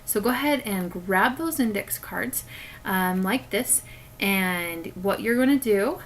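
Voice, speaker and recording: A woman's voice: medium pitch, lively intonation, slow pace, slight background noise, rough recording. A woman teacher giving a recorded spelling lesson to children, patiently explaining each step through a webcam.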